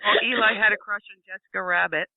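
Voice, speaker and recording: A woman's voice: mid-range voice, fairly even intonation, quick pace. A woman chatting on a radio talk show, tossing in dry, joking quips. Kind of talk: casual chat. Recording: tinny phone-like line.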